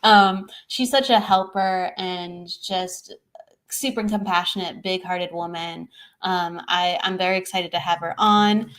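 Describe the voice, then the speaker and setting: A woman's voice: lowish voice, fairly even intonation, a little slow, fairly bright tone. Chatty woman co-hosting a live stream. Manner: chatty, stumbles over words and laughs at herself. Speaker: psychic medium and show co-host. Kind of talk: casual live-stream chat.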